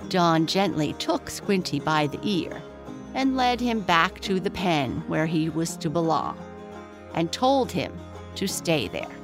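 Woman, children's story reading, slow, animated, faint music. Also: fairly low pitch. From Prince Edward Island, Canada. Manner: gentle, expressive storytelling.

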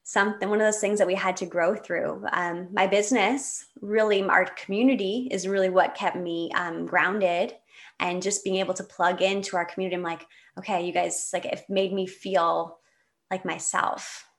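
A woman's voice: mid-range voice, normal speed. Candid woman in her thirties telling a story. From Canada. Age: 30s. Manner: candid and animated, with laughs and restarts. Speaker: guest. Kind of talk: personal storytelling in conversation.

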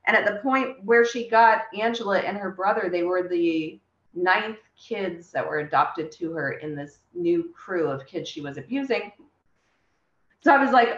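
A woman's voice: on the high side, fairly bright tone. Woman telling a heartfelt story, roomy sound. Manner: emotional, reenacts dialogue while telling the story. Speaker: interview guest. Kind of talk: personal storytelling in conversation. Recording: roomy, slightly dull sound.

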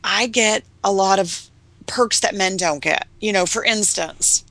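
Animated middle-aged woman, bright and dry. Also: a little slow, dry recording. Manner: animated storyteller, acts out quoted voices in a high sweet tone. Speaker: real estate investor guest. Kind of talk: casual interview chat.

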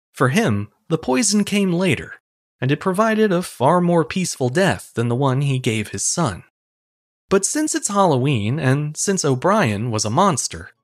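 A man hosting a history podcast, telling a crime story in wry, measured scripted narration. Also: on the high side. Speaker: podcast host.

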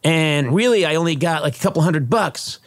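A middle-aged man, a podcast guest, telling funny anecdotes in a casual, animated way and doing voices for other people. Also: on the high side, brisk, dry recording, studio quality. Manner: animated, does lively voices in his anecdotes. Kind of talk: casual storytelling.

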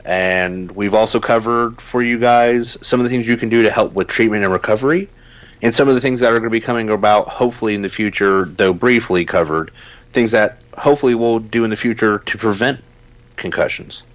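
A man co-hosts a casual podcast, his low voice carrying emphatic, animated rants. The sound is dry and close, with no room around it. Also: fairly quick, no room sound, muffled recording. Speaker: podcast co-host.

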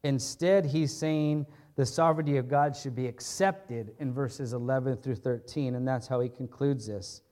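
A man's voice: medium pitch, moderate pace, few pauses, dark tone. A man preaching an expository sermon in a conversational, earnest way, often checking in with his listeners and restating his points. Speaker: pastor.

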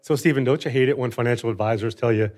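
A man in his fifties, a financial advisor competing on a quiz show, explaining his point confidently in plain, steady terms. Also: mid-range voice, rapid-fire. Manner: confident, explanatory, light chuckles.

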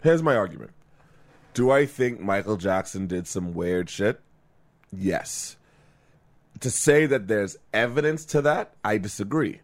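A man co-hosting a podcast in casual chat, an animated storyteller who laughs often and acts out quotes. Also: fairly low pitch, measured pace. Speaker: podcast co-host.

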